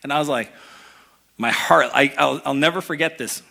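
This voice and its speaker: Bright-voiced man telling stories on stage. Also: medium pitch, normal speed, vocal fry. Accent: Canadian. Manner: energetic storytelling, acts out voices in anecdotes. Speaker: keynote speaker. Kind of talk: live motivational talk. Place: event hall before a live audience.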